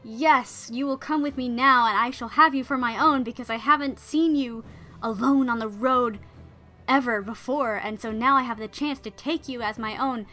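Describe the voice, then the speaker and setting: A woman acting out a pompous macho knight who booms every line, with a raised pitch and a bright, forceful edge. He is full of bluster and self-importance. It is a spoken storybook villain. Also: normal speed, soft background music. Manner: booming and grandiose.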